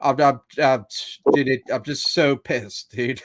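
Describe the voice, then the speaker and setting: A man's voice: medium pitch, fairly even intonation, a little slow, a loud crowd. A man co-hosting a casual sports podcast, ranting in a frustrated, profane, rambling way. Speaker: podcast co-host.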